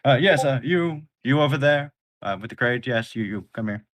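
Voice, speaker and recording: A man's voice: mid-range voice, animated, fairly quick, dry recording, pitched above the performer's own voice, natural voice. A man voicing a fussy, overly polite male pirate commander who stammers and fumbles his words. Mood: flustered. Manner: stammering, flustered, overly courteous.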